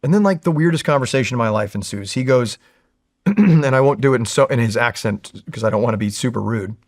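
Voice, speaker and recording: Animated, profane male Marine veteran from California. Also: mid-range voice, fairly quick. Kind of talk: storytelling in a casual interview.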